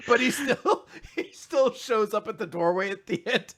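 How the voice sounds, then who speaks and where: High voiced guy riffing and laughing on a podcast, swears a lot. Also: expressive, measured pace, a bit bright. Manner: laughing, joking, swears casually. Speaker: podcast co-host. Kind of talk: casual chat, joking riffs.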